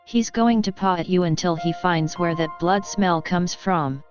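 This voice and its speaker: A woman's voice: fairly low pitch, a little slow, lightly acted. A woman voicing a fanatical religious mother who talks in a grim, demanding, muttering way, in a dull lo-fi recording with faint music.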